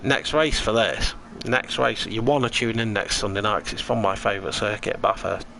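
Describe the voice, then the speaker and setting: A man's voice: on the low side, normal speed, gravelly, bright, forceful tone, a little hiss or hum, rough recording. A tired man giving chatty, rambling commentary on a live sim racing stream and answering his chat.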